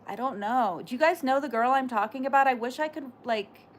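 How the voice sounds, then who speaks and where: A woman's voice: high-pitched, fairly quick, a little hiss or hum. A woman livestreaming, chatting casually with her viewers and answering comments in a rambling way, full of fillers. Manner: rambling, filler-heavy, talks back to chat. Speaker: livestreamer reading chat.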